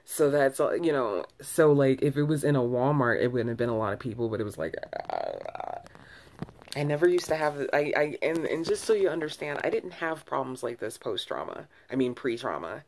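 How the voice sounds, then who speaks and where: A woman's voice: extremely low pitch, animated, moderate pace, darkish tone, a little hiss or hum. A woman vlogger talking to camera in a loose, candid ramble, full of restarts and self-corrections, with sighs between thoughts. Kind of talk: casual early-morning ramble to camera.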